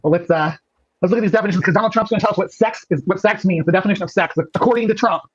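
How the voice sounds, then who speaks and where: A man's voice: high-pitched, racing, breathy edge, muffled recording. A man hosting a podcast, reading a document aloud with a playful, teasing delivery. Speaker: podcast host.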